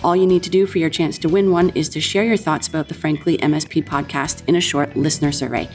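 A Canadian woman hosts a podcast in a friendly, conversational manner. Her voice sits a little low for a woman, and soft music plays faintly under it. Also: steady tone, quick pace. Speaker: podcast host. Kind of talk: podcast interview.

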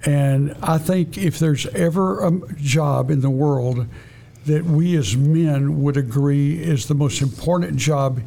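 A man's voice: on the high side, slow, vocal fry, warm tone. A man co-hosting an interview, putting a thoughtful closing question to the guest. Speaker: co-host. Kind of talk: casual faith interview talk.

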